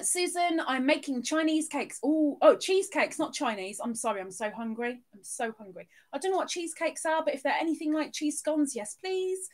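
Bubbly woman greeting her chat. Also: high voice. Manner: bubbly, giggly, reading chat names aloud. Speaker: live stream host. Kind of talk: casual live-stream chat, greeting viewers.

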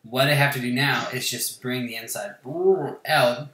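A man chatting casually while he plays a game, rambling from one thought to the next and swearing freely. He pokes fun at himself. His voice has a middling pitch and carries a roomy echo. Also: fairly even intonation, a little fast, bright, forceful tone. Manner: rambling, profane, self-mocking. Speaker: gaming channel host.

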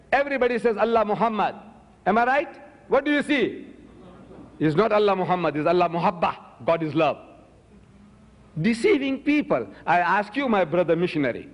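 High-voiced man lecturing emphatically. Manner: emphatic, rhetorical questions, holds up items. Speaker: Muslim lecturer. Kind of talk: public lecture to an audience. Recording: dull recording in a reverberant hall.

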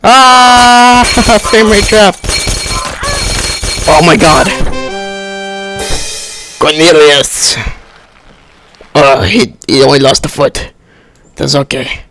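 A young man on a headset giving excitable let's-play commentary, yelping and laughing as he plays. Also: fairly high pitch, extremely slow, pauses often, soft background music. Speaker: gamer.

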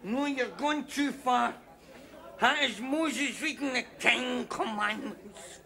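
An actor playing a gloomy, gullible drinking pal with a gravelly voice in a sitcom. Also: male voice, extremely high pitch, slow pace, sharp tone, heavily acted.

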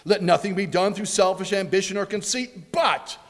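A man preaching a sermon as pastor, emphatic and repetitive, with his voice dropping low at the ends of phrases. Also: normal speed, big-room sound. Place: church sanctuary.

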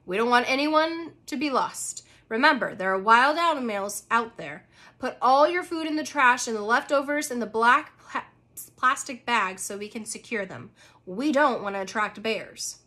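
Woman doing a stern teacher guy laying down camp rules, bright high voice, storybook. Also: animated, moderate pace. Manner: stern, announcing. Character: firm male teacher chaperone. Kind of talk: children's book read aloud.

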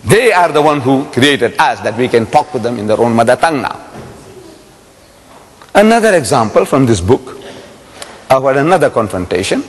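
A man's voice: medium pitch, sing-song, moderate pace, pauses often. A man giving a public religious lecture, telling a story dramatically and firing rhetorical questions at the audience. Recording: long hall reverb.

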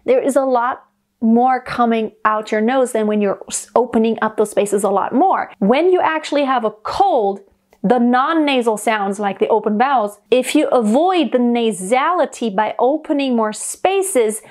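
Woman voice teacher, slightly high voice. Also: normal speed, darkish tone. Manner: clear step-by-step explaining. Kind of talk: singing lesson.

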